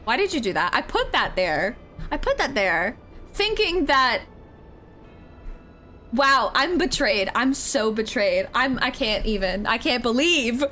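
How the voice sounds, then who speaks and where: A young woman streaming a game, chatting casually, excitable, giggly and emotional. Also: a little high, measured pace, soft background music.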